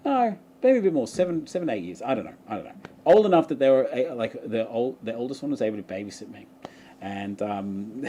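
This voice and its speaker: Chatting casually on a livestream, a young Australian man wanders through a lengthy story, frequently breaking into laughter. He has a fairly low, dark, mellow voice, with a slight hiss in the background.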